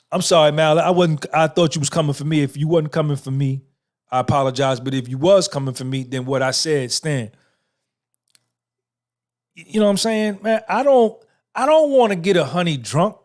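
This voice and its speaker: With a slightly high, darkish voice, a fifty-something livestream podcast host talks casually to his chat. His manner is braggy, foul-mouthed, and streetwise.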